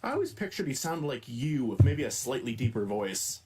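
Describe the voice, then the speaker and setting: A man voicing a troubled young man who is bitter about his family, speaking in a soft, slightly raised voice for fan audio drama takes. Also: medium pitch, sing-song, normal speed, background noise, lightly acted. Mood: resentful.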